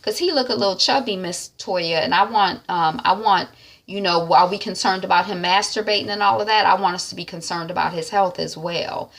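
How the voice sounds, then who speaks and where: A woman talking through a TV episode recap in a chatty, rambling way, with animated asides. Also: on the low side, brisk, vocal fry. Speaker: reality TV recap vlogger. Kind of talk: casual recap chat.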